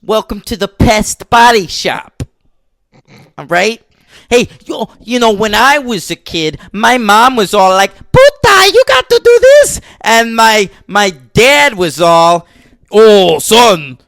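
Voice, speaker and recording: A brash, boastful chop-shop mechanic, as a man puts him on, sounds high and swings widely in pitch. He talks loud and streetwise, and the dry, close sound leaves no room echo. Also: sing-song, vocal fry, exaggerated voice. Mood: swaggering. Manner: swaggering, loud and streetwise, drawn-out words.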